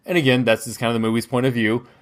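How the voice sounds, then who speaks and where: A man's voice: mid-range voice, little pitch movement, rapid-fire. An American man co-hosting a podcast, chatting about a movie in a loose, rambling way. His voice sits in a middle register, and he keeps circling back with fillers and restarts as he thinks aloud. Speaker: podcast co-host. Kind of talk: casual film discussion.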